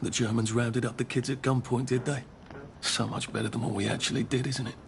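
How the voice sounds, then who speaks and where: An actor playing a bitter, sarcastic man who loudly scoffs at a convenient story, in a video game. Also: mid-range voice, little pitch movement, brisk, gravelly, slight background noise, close to an everyday voice. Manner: sarcastic, loud.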